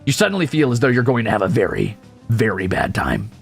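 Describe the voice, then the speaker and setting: A man's voice: fairly low pitch, sing-song, brisk, creaky, breathy edge, soft background music. A male streamer reading a game's story aloud, with sarcastic, profane asides. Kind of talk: game read-through with commentary.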